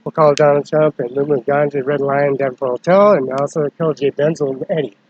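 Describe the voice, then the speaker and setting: A man's voice: a little high, fairly even intonation, brisk, a little mellow, muffled recording, slight background noise. An agitated man delivering a rambling, profane complaint that jumps from topic to topic.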